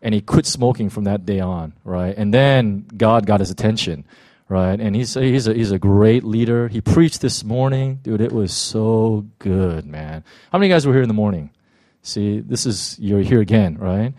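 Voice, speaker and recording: An older male pastor talks to his church in a loose, rambling way, full of "you know" and "right?". His voice sits low and sounds dry and close. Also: moderate pace, mellow, dry recording. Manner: casual storytelling with many fillers. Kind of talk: church announcement.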